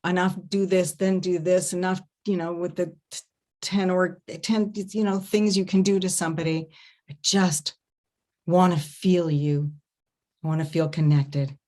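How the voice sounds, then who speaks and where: A woman with a fairly low voice gives an online talk as an intimacy coach. She speaks expressively and hums and voices little sounds to make her points. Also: steady tone, measured pace, a little mellow. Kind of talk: festival talk. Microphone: online video talk.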